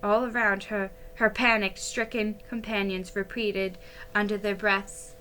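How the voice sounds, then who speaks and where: A woman narrating a classic ghost story aloud in an unhurried storytelling manner, with a few slips and restarts. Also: mid-range voice, flat delivery, pushed and bright, a little hiss or hum. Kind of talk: reading a classic novel aloud.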